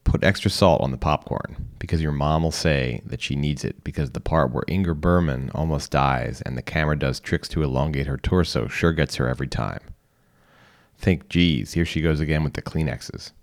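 A man reading a short story aloud in calm, instructional second person. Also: a bass voice, normal speed. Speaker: reader. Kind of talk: scripted narration.

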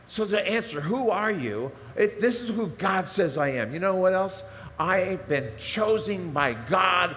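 A man preaching a sermon, animated and emotional, swinging between loud fervor and hushed asides. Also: high voice, a little slow. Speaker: pastor. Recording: reverberant hall with faint noise.

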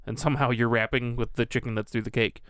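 A man co-hosting a podcast, walking through a video game with playful deadpan jokes. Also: medium pitch, fast, dry recording, studio quality. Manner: playful, deadpan joking while recounting a game. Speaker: podcast co-host. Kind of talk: casual chat.

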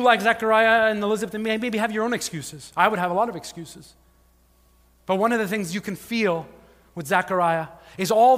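Man, pastor, sermon, animated storytelling, bright tone, long hall echo. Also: high voice. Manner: animated storytelling, acting out voices, frequent "like". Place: church hall.

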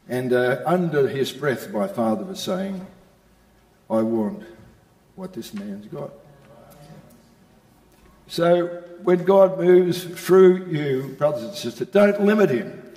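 A man's voice: fairly high pitch, expressive, slow, a little mellow. An older man preaching, telling a personal testimony and rising into emphatic exhortation. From Australia. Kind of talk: sermon testimony. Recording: echoey hall.

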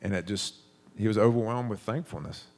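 A man preaching a sermon in a relaxed, conversational way, stopping and restarting as he tells stories. His voice sits a little low. He sounds like he is in his thirties. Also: brisk.

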